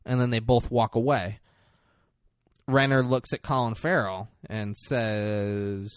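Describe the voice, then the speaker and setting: A man's voice: on the low side, moderate pace, dry recording, clean studio sound. A man co-hosting a podcast, casually recapping a film and acting out its lines with lots of swearing. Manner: animated retelling, acting out lines with profanity. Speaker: podcast co-host. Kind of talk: casual movie recap chat.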